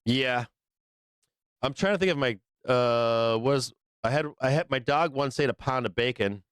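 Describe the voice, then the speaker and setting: Brief: male livestream host, excitable and profane, mid-pitched, dry close mic. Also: measured pace, clear, resonant tone, no room sound. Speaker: livestream trading show host. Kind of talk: casual livestream chat.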